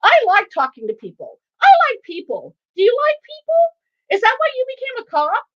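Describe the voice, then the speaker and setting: Lady doing a squeaky chatterbox kid, loud and bouncy, talks nonstop, muffled stream audio. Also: heavily acted. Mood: excited. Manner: breathless, excited, runs on without pause. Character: chatty precocious six-year-old boy, nonstop questions.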